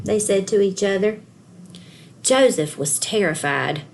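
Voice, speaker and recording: A woman school counselor reading a children's storybook aloud, telling the story clearly and expressively for young children. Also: medium pitch, lively intonation, unhurried, a little hiss or hum.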